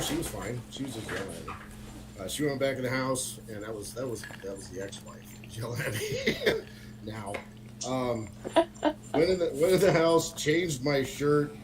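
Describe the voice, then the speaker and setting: A middle-aged man spins a rambling story full of fillers and laughs. His pitch moves a lot. The call audio carries steady noise. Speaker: guest on a motorcycle talk stream. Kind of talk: casual storytelling chat.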